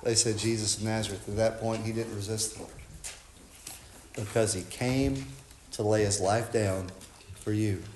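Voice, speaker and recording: A man preaching a sermon, impassioned, swinging from loud cries to hushed tones. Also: on the low side, steady tone, a little slow, pauses often, echoey room, slight background noise.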